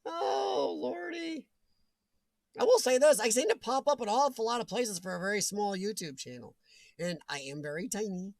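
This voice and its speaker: Animated, laughing livestream host man. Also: sits high, fairly quick, dry recording. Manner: chatty, laughs often, jokey asides. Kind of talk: casual live chat reading viewer comments.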